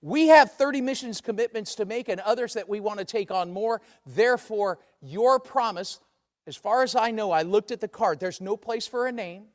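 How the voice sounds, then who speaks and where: High-voiced preacher in a reverberant church. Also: male voice, moderate pace. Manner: conversational, acts out quoted voices. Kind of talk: sermon. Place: church sanctuary. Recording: long reverb of a large church.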